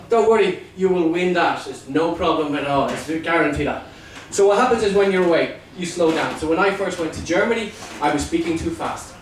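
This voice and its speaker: A Dublin Irish man in his forties doing stand-up comedy, chatty and teasing as he works the audience. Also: high voice. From Ireland. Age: 40s. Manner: teasing, chatty, quick to laugh at the crowd. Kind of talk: stand-up comedy with crowd work. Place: comedy club with a live audience. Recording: echoey room, far from the mic, crowd noise.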